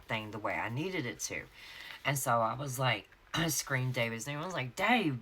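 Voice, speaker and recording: In a sharp-toned bass voice, a planner vlogger from North Carolina tells a long, chatty story in her Southern accent while decorating a planner at her home craft office. She laughs and takes drawn-out storytelling detours over slight background noise.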